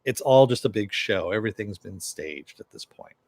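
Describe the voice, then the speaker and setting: Low-voiced man recapping a TV episode. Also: expressive, moderate pace, a little mellow, no echo. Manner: conversational, with frequent filler. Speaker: TV show reviewer.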